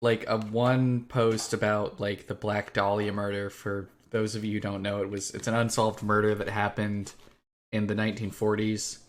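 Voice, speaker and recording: A man's voice: fairly low pitch, little pitch movement, normal speed. A young man co-hosting a podcast in casual chat, laid-back and wry, swearing now and then. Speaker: podcast co-host.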